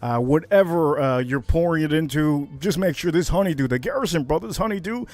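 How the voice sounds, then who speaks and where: A man from Miami hosting a casual whiskey livestream, brash and hyped, jumping to high shouts on catchphrases. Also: fairly quick, no room sound. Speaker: livestream host reviewing whiskey.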